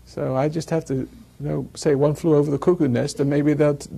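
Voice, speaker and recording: Gravelly, husky-voiced man lecturing. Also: on the high side, little pitch movement, a little fast, warm tone. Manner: chuckles at his own jokes, digressive storytelling. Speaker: speaker giving a talk. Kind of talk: rambling lecture to a live audience. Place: evening gathering with an audience.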